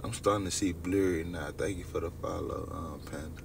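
Deep, gravelly and creaky, a young man's voice carries brisk, fairly even-toned stories to his viewers on a late-night livestream, told in a loose, rambling style straight to chat. The mic is distant, a phone set a little way off, with a faint background hum.

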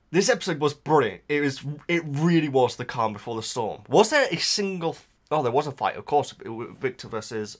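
A man hosting a reaction channel, talking in a casual, emotional and rambling way with lots of restarts. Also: mid-range voice.

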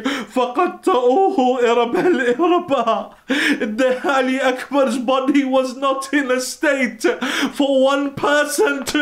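High-voiced man, impassioned mourning sermon. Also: fairly bright tone. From United Kingdom. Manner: impassioned, tearful recitation with cries. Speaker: sheikh.

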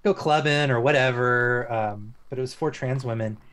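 A former police officer, appearing as an interview guest, tells a story in a casual, halting manner packed with restarts and fillers. His voice is medium in pitch with a fairly bright tone.

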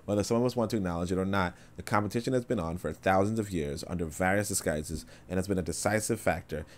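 A man's voice: deep voice, quick pace. A man hosting a casual livestream, reading an essay aloud and chatting loosely with his viewers. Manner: digressive, loose and conversational, with many fillers. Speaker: host reading an essay aloud and answering chat.

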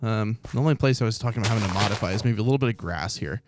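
A man's voice: lowish voice, rapid-fire, heavy background noise. A man from Oklahoma hosting a let's play, chatting casually as he thinks aloud in a rambling, upbeat way. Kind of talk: casual gameplay commentary. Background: faint calm background music.

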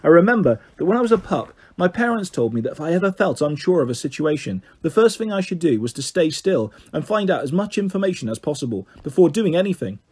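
A man reading a children's story aloud in a lively, expressive way. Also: fairly high pitch, fast talker, few pauses, breathy edge.

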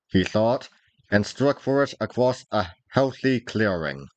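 A man narrating an old adventure novel, reading in a measured, deliberate manner. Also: fairly low pitch, animated, no room sound, rough recording. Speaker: reader, narrator. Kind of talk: storybook narration.

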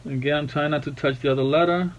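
A man's voice: on the high side, fairly even intonation, quick pace, dull audio, slight background noise. A man hosting a casual drawing tutorial at home, chatty and playful, who keeps breaking off to talk to his baby. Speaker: art tutorial host and father.

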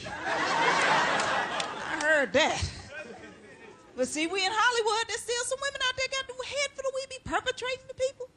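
A brash woman with a high voice works a stand-up set, sassy and loud on the punchlines. A live audience laughs and rumbles around her. There is steady background noise under her voice. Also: normal speed, long pauses, a crowd in the background. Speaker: stand-up comedian. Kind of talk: stand-up comedy routine. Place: stage before a live audience.

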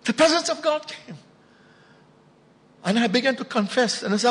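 Emphatic Indian preacher in a reverberant hall. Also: male voice, very high-pitched, animated, normal speed. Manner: emphatic storytelling, rising to loud bursts. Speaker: pastor. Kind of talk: sermon. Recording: long reverb of a large hall.

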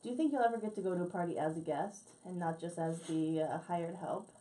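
A woman's voice: on the low side, fast, mellow, rough recording. A woman co-hosting a podcast with teasing, playful banter at a studio mic. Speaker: podcast co-host. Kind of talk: casual podcast chat.

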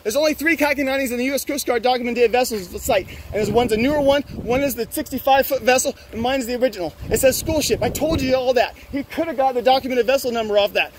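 A man's voice: very high voice, fast talker, hardly any pauses, a crowd in the background, low-quality recording. A man confronting officials outdoors at a harbor, angry, accusatory and profane. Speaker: boat owner confronting officials. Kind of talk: heated confrontation, filmed.

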